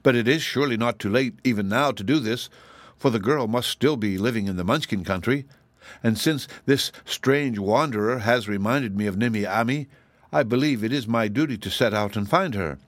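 A man's voice: medium pitch, moderate pace, no room sound, natural voice. A man voicing an earnest, dutiful tin man emperor in an audiobook, speaking formally and seriously. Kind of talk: audiobook character reading.

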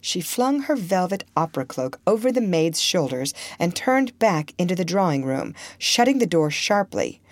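Woman reading an old novel as an audiobook, low voice, lots of rise and fall. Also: no echo. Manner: expressive, measured reading. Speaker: audiobook narrator. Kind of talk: scripted narration.

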